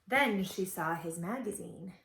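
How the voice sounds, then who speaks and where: A woman teacher reading a children's picture book aloud with expressive, playful storytelling. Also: fairly low pitch, unhurried. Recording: roomy echoey room.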